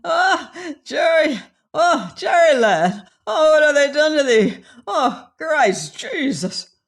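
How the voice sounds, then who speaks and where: A narrator voicing a mad, lost male sailor who cries out hoarsely and plaintively in anguish. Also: sits high, very animated, slow, voice pushed up, full character voice. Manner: screaming in anguish.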